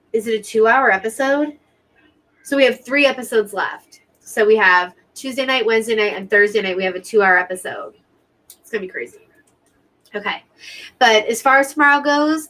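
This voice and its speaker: A woman's voice: a little high, bright, forceful tone, low-quality recording. Woman hosting a live watch party stream; talkative, emotional, speaks directly to her audience. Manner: chatty and emotional, talks straight to viewers. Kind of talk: casual live commentary to viewers.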